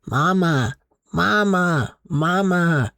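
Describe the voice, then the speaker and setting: A man's voice: fairly high pitch, lively intonation, very slow, gravelly, a bit bright, no room sound, clean studio sound, voice pushed up, exaggerated voice. A man voicing a cursed two-year-old girl in a dramatic reading of a horror manga, pleading in a singsong way. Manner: singsong, begging.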